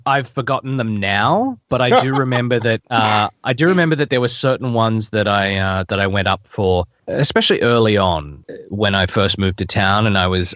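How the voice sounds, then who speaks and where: Low-voiced man musing in a dry room. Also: fairly bright tone, no room sound. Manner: thoughtful, rambling with frequent restarts and fillers. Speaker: voice actor guest. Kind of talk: casual interview answers.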